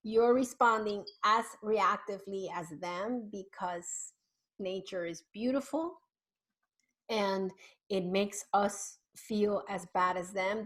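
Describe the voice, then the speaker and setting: Animated woman coaching parents. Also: takes it slowly, low-quality recording. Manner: animated, swings her voice from high to low on purpose. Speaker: parenting therapist. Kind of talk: coaching talk on a video call. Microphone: video call.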